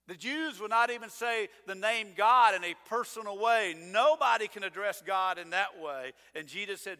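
A man's voice: sits high, moderate pace, few pauses, sharp tone. A male pastor preaching a sermon in a conversational, emphatic way, breaking into sarcastic asides. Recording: long reverb of a church hall.

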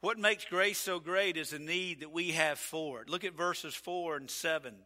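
A male pastor preaching a folksy, emphatic sermon, building to loud, drawn-out peaks. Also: a little high. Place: church sanctuary. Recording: reverberant church sanctuary.

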